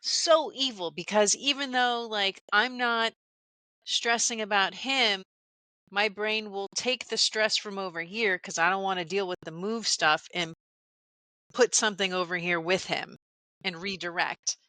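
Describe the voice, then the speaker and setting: A woman's voice: medium pitch, unhurried, bright, forceful tone, no echo. A middle-aged woman co-hosting a podcast, talking candidly in casual chat with stammering restarts. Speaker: podcast co-host.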